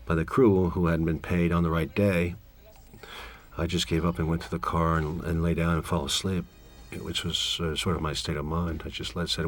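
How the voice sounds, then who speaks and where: A man with a deep voice talks through a film in a director's commentary. He rambles from story to story, candid and a little wry. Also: little pitch movement, brisk.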